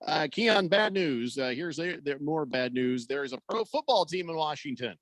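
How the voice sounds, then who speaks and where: A man's voice: on the high side, expressive, normal speed, a bit bright, no room sound. A man hosting sports talk radio in a studio, joking around and reading out listener comments. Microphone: studio microphone.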